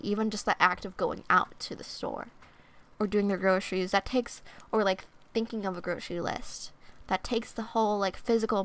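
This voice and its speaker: Speaking in a mid-range voice, a young woman streams oracle card readings as soft-spoken ASMR chat. Her talk is playful and rambling, full of fillers, silly wordplay and joking asides.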